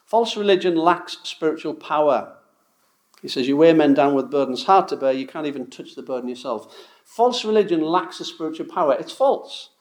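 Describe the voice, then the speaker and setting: Guy preaching hard, forceful and direct, voice a bit on the high side. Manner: emphatic, confrontational preaching. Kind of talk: sermon.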